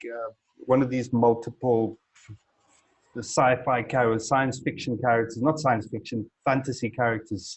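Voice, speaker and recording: A man with a husky, rough-edged voice talks in a rambling, storytelling way. His pitch sits at an ordinary middle level. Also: a little mellow. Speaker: guest trader. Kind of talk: casual chat.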